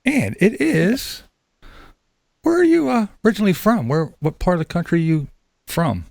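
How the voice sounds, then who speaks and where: A man's voice: sits high, very animated, moderate pace, gravelly, darkish tone, dry recording, clean studio sound. A man hosting a casual interview, upbeat and chatty, laughing often and restarting his sentences. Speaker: interview host.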